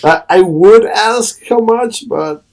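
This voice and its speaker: A man's voice: high voice, slow, a little mellow. A man chatting casually on an animation podcast, giggling often.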